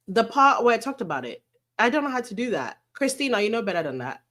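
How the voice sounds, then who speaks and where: A woman's voice: on the high side, lively intonation, fairly quick, a bit bright. A woman talking straight to her viewers in a loose, casual livestream. She is chatty and blunt, curses without a second thought, and slips Spanish terms of affection into her thanks. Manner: chatty, blunt, swears freely, mixes in Spanish endearments.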